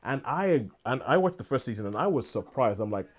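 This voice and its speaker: A man's voice: mid-range voice, sing-song, a little fast, hardly any pauses. A man in casual podcast chat, rambling on with lots of restarts and asides. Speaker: podcast co-host.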